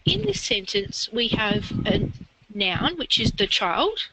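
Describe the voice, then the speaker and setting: A woman's voice: mid-range voice, very animated, slow, very noisy. A woman tutoring a learner in literacy, explaining grammar step by step and encouraging them. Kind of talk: one-on-one literacy lesson.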